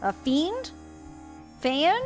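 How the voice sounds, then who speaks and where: A woman's voice: high-pitched, sing-song, drawn-out words, faint music behind. A woman streaming a mystery game, chatting playfully with her viewers. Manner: bubbly, chatty, playful asides to chat. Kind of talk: casual live-stream chat.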